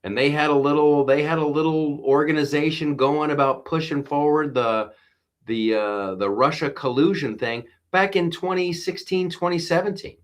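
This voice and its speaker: A man's voice: a little high, moderate pace. A man hosting a live talk show, giving rambling, emphatic political commentary and reading viewer comments aloud. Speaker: livestream show host.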